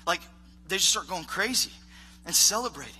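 A man's voice: high-pitched, lively intonation, moderate pace, breathy edge, poor audio. A man pastor preaching a conversational sermon in a church, rambling and self-deprecating with lots of filler words. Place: church stage. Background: live worship band playing softly.

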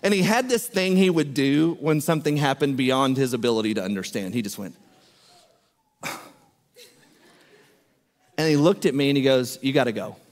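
A man's voice: mid-range voice, animated, normal speed, long pauses. Man, sermon storytelling, acts out the quotes, church hall reverb. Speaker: preacher.

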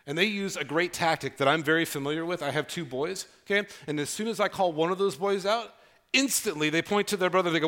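A man preaching a sermon as pastor, earnest and conversational, with dramatic pauses. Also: on the high side, fairly bright tone.

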